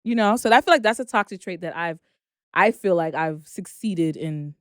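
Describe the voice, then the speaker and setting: A young woman co-hosting a casual podcast chat, animated and acting out her own reactions. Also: on the low side, moderate pace, no echo, clean studio sound. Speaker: podcast co-host.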